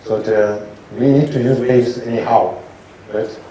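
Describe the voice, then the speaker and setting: A man's voice: medium pitch, steady tone, unhurried, warm tone, a little hiss or hum. A man, a doctor, explaining ideas step by step and often checking in with "right?". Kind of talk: explanatory talk. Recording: very echoey room, distant mic, faint ambience.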